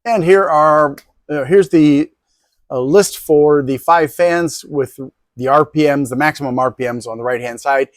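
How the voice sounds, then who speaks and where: A man's voice: fairly high pitch, unhurried, no echo. A man hosting a tech video, walking through test results in a loose, rambling way with many ums and restarts. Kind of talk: casual product review.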